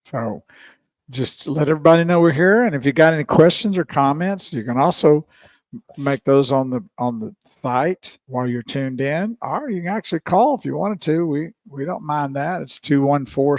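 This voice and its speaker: A man's voice: a little high, normal speed, darkish tone, no room sound. Chatty man hosting radio. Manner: chatty, laughs often, greets listeners. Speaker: radio show host. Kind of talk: casual radio talk. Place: radio studio. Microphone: studio microphone.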